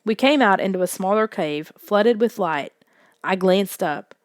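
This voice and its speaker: A woman narrating a children's suspense story in a soft, hushed audiobook reading. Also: mid-range voice, animated, measured pace, dry recording, clean studio sound.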